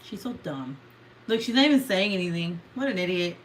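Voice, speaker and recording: A woman's voice: lowish voice, sing-song, fairly quick, slight background noise. A young woman from California who hosts a late-night livestream, chatting casually, sounding sleepy, swearing a lot and laughing often. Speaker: livestream host.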